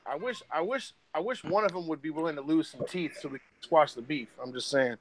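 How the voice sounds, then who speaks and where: A man's voice: fairly high pitch, a little fast, crowd noise. A man with a slightly raised voice cracks crude, boastful jokes on a casual podcast. His talk is loose and profane, full of banter. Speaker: podcast co-host. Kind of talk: casual chat.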